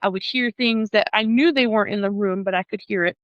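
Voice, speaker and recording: A woman guest on a podcast tells a personal story animatedly, laughing often and imitating other people's voices. Her medium-pitched voice moves fairly quickly, and the sound is lo-fi with no echo.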